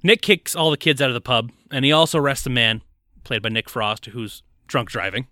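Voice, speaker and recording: Male podcast co-host, bright lively delivery, dry close sound, recapping plot casually. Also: medium pitch, a little fast, no echo. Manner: recaps the plot, jokey banter. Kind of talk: casual movie recap chat.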